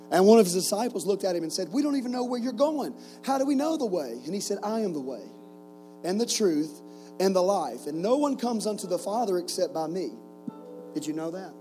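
A man's voice: high-pitched, big pitch swings, a little fast, warm tone, soft background music, rough recording. A man in his forties preaching to a camp group, telling stories with jokes and rhetorical questions. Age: 40s. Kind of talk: sermon with stories.

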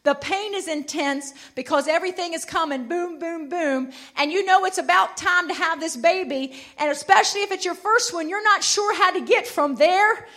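A woman preaching a sermon, building from conversational storytelling to loud emphatic declarations. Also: very high-pitched, moderate pace, hardly any pauses.

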